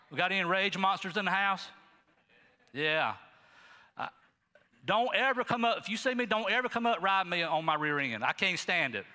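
Animated high-voiced male pastor preaching. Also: in a large hall. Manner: folksy, animated preaching with asides to the congregation. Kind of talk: sermon. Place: church sanctuary.

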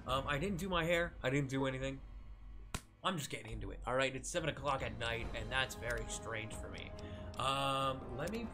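A young man with a mid-range voice, talking a little fast over music, gives casual, rambling commentary while streaming a modded game. He's self-deprecating, laughs often, swears, and yelps when something startles him.

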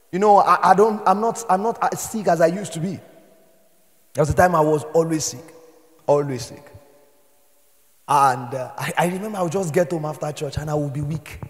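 A Nigerian man preaching a sermon as pastor, moving between quiet storytelling and shouted exhortation. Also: high-pitched, in a large hall.

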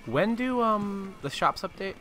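A man co-hosting a gaming podcast, chatting casually and excitably while playing online, swearing and laughing loudly. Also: high-pitched, unhurried, slight background noise.

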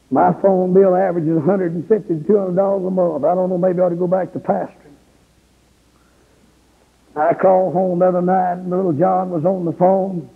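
A middle-aged man, an evangelist, preaching a revival sermon in an impassioned, pleading way with a gravelly, husky voice. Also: high voice. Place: church revival service. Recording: tinny, echoey old sermon tape.

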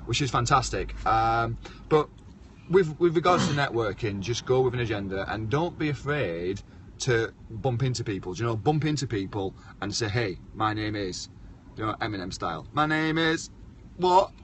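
A man's voice: mid-range voice, animated, moderate pace. Man, casual live-stream host, blunt and chatty, faint background hiss. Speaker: show host.

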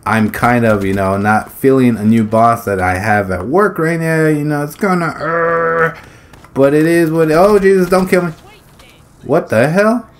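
A man's voice: on the high side, unhurried. A man talking casually over his gameplay, rambling, swearing freely and blurting out exclamations as he plays. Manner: rambling, swears freely, laughs between phrases; blurts exclamations during play. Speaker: gaming YouTuber.

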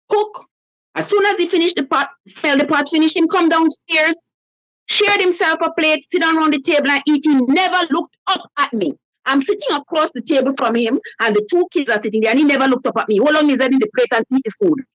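Woman caller, high voice, dry close sound, lively storyteller who acts out the quotes. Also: no echo, poor audio. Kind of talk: telling a personal story on a live call-in show.

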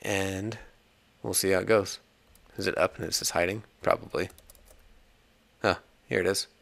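A man with a low voice walks through a coding tutorial in a relaxed, chatty way, thinking aloud and laughing when the software misbehaves. His voice is recorded close on a desk mic in a dry space. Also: moderate pace, vocal fry, dry recording. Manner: chatty, rambling, laughs at bugs. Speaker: iOS developer tutorial host.

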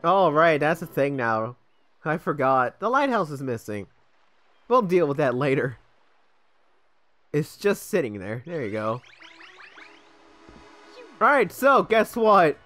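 A man's voice: on the high side, big pitch swings, slow pace, long pauses, fairly bright tone, faint music behind. A young man giving casual, rambling gameplay commentary as a let's play host, sidetracked and self-deprecating.

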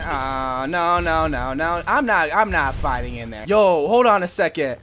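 A young man giving goofy, excitable gameplay commentary into a desk mic, yelling and laughing at his matches. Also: on the high side, a little slow, few pauses, a little hiss or hum. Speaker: gaming YouTuber.

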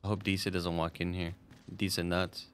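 A man's voice: sits low, little pitch movement, normal speed, a little hiss or hum. A man streaming a video game, chatting casually to his viewers, swearing freely and laughing often. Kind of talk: casual gameplay commentary.

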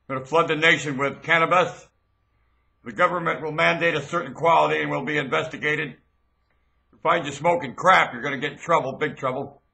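A man's voice: fairly high pitch, vocal fry, sharp tone. A man rambling through proclamations into a webcam, spelling out words as he goes. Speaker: vlogger.

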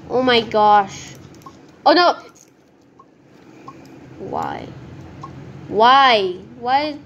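A woman commenting on her own gameplay as she plays, talking to herself in an excitable, nervous way. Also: on the high side, very slow, long pauses, muffled recording, slight background noise. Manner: excitable, nervous self-talk. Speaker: gaming video creator.

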